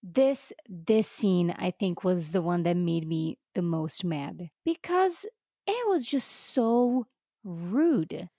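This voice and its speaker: A woman's voice: on the low side, takes it slowly, husky, dry recording, studio quality. A woman co-hosting a casual podcast, thinking aloud and stressing her reactions to an episode. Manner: animated, emphatic, thinks aloud. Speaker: podcast co-host. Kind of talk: casual rewatch chat.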